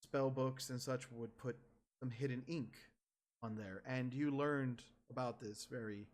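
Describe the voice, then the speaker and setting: A man's voice: mid-range voice, fairly even intonation, a little slow. A man running a tabletop game as game master, narrating casually and sometimes searching for words.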